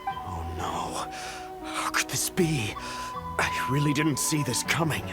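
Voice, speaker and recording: A man's voice: mid-range voice, animated, slow, over loud music. An actor playing a scheming government official in a game who gets caught and talks his way out. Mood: surprised.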